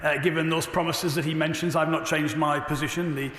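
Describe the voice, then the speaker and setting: A man, a government minister, answering questions in a parliamentary debate with a brisk, assured delivery and a slightly hoarse voice. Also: on the high side, level tone, a bit bright. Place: debating chamber. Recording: echoey chamber with long reverb.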